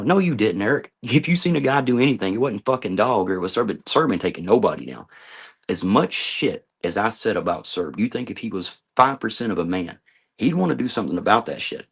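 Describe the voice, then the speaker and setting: Gravelly man ranting heatedly. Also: low-pitched, lively intonation, fast. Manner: heated, confrontational, swearing. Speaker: vlogger. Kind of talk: ranting monologue to camera.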